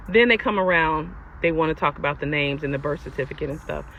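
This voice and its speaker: Gravelly woman telling a storytime. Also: deep voice, fast talker, hardly any pauses. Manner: animated, exasperated storytelling. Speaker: storyteller vlogger. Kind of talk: casual storytime to viewers. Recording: lo-fi with faint background noise.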